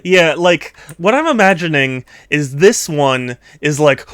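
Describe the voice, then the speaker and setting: Smooth-voiced man chatting on stream. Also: mid-range voice, unhurried, hardly any pauses, fairly bright tone, no echo, clean studio sound. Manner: rambling, chatty, laughs often, trails off in thought. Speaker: streamer taking art requests. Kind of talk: casual live-stream chat while drawing.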